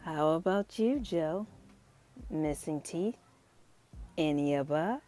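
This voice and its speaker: A woman's voice: low-pitched, lively intonation, mellow, voice pushed down. A woman doing a rhyming old mummy teacher. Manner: speaks in rhyme, slow and teacherly.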